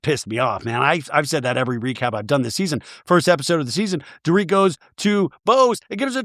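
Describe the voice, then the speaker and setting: A man hosting a podcast, recapping reality TV in an animated, sarcastic way, swearing and acting out the cast's lines. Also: on the high side, quick pace, few pauses, dry recording, studio quality. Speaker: podcast host.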